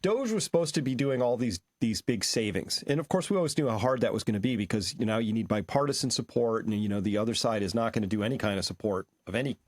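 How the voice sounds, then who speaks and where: A man's voice: lowish voice, fast, hardly any pauses, no echo. A man co-hosting a conversational market discussion, who walks through charts and figures in an analytical way.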